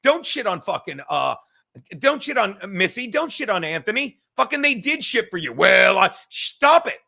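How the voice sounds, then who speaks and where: A man hosting a casual livestream podcast, talking in a rambling, animated way full of swearing. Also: high voice, normal speed, creaky. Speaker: podcast host.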